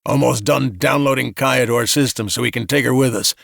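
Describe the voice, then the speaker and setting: A man's voice: medium pitch, steady tone, brisk, vocal fry, a bit bright, no echo, studio quality. A man voicing a stern male lieutenant in a sci-fi audiobook, giving clipped, commanding orders.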